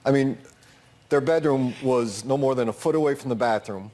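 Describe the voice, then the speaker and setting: A man's voice: medium pitch, moderate pace, dark tone. A middle-aged man, a guest on a talk show, speaking in an agitated, stammering way as he recounts his son's death. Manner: agitated, stammering, acts out others' words. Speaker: grieving father, guest.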